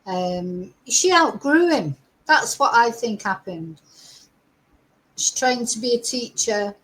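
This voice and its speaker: A woman giving casual, opinionated true crime commentary, sarcastic at times and chatty with many fillers, her throat a little rough. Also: fairly high pitch, expressive, slow pace, a bit bright, low-quality recording. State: slight frog in throat, clearing throat.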